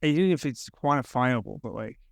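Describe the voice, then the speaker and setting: A man hosting a podcast interview, relaxed and encouraging, who drops quick replies while his guest talks. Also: mid-range voice, creaky, no room sound, studio quality. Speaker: podcast host. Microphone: headphones and podcast mic.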